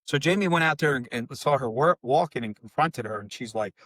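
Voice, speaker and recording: A middle-aged man tells his story in a rambling, heated way, swearing often as he speaks. His voice sits at an ordinary pitch. The recording is dry and close, with no room echo. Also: animated, brisk, a bit bright. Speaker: bereaved father and podcast guest. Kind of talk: emotional interview storytelling.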